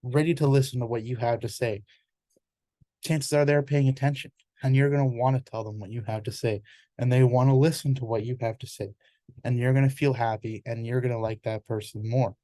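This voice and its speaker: A man's voice: mid-range voice, fairly even intonation, a little fast, warm tone, no room sound. A man giving an informal explanatory presentation in an earnest, conversational way, often restarting words mid-sentence.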